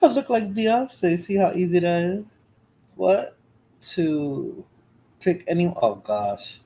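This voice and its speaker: A woman's voice: lowish voice, expressive, slow pace, dark tone, a little hiss or hum, rough recording. A woman hosting a casual livestream, chatting to viewers in chat by name in a drowsy, rambling way. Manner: drowsy, rambling with fillers and restarts. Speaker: livestream host.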